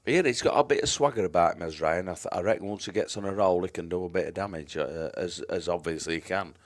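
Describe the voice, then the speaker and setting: A man's voice: sits low, quick pace. A man giving chatty live-stream commentary on a pool match, greeting viewers by name and trailing off into mumbled asides.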